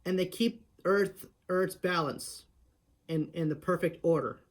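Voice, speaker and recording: A man with a slightly raised pitch talks through a voice impression tutorial. He explains each step casually and often restarts his sentences. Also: measured pace.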